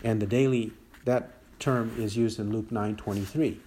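Preacher, male, mellow dark tone, reads scripture with rising force at key lines. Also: fairly low pitch, fairly even intonation, normal speed, slight background noise. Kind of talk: expository sermon.

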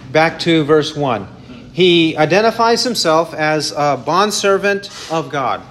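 A man teaching a Bible study, explaining in a measured way with frequent restarts and self-corrections. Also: a little high, a bit bright, slight background noise.

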